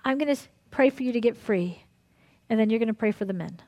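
Female pastor, slightly high-pitched; conversational sermon with frequent laughs, softer when leading prayer. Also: fast. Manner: lively, laughing often, conversational preaching; drops to a soft, hushed tone in prayer. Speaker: pastor leading a ministry night.

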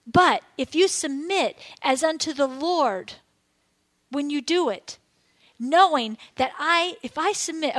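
A woman's voice: high-pitched, lively intonation, takes it slowly, a bit bright. A woman preaching a sermon in a conversational way, acting out prayers and quotes as she teaches.

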